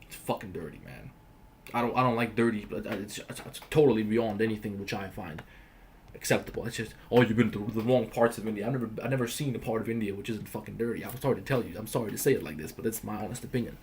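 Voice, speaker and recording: A man's voice: fairly low pitch, quick pace, darkish tone, a little hiss or hum. A man from the Balkans hosting a livestream, answering viewer questions in a blunt, profane, emphatic rant. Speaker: livestream host.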